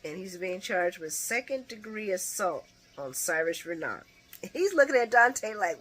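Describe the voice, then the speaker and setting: A woman giving a casual, animated recap of a soap episode, laughing often and swearing freely. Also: mid-range voice, a little slow, breathy edge. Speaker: soap opera recap vlogger.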